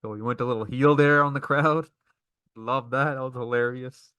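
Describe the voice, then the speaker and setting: A man's voice: medium pitch, fairly even intonation, moderate pace, bright, forceful tone, clear, resonant tone, dry recording, dull audio. A man giving a casual, enthusiastic recap of a wrestling show, laughing often.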